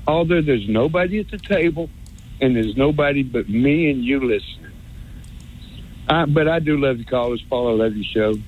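A man's voice: a little high, expressive, moderate pace, husky. A man calling in to a sports radio show, ranting sarcastically and stammering over repeated words. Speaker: caller. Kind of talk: rambling call-in rant. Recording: phone line.

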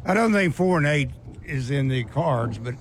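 A man hosting a sports radio show, moving the talk along briskly. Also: mid-range voice, animated, a little hiss or hum. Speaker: host.

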